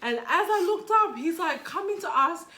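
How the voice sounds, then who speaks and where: A Fijian woman with a high voice chats over a meal, telling stories with lots of fillers and laughing as she goes. Cutlery and dishes clink behind her in a roomy, echoing space with steady background noise. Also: moderate pace. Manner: animated storytelling, laughing often, many fillers. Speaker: co-host. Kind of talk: casual mukbang chat. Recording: echoey room with background noise.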